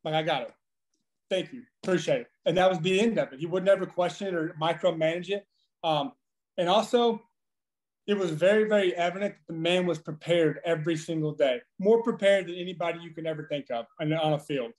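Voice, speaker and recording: A man in his thirties, a former pitcher guest on a podcast, telling profane, animated stories with frequent laughing. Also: brisk. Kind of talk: casual storytelling.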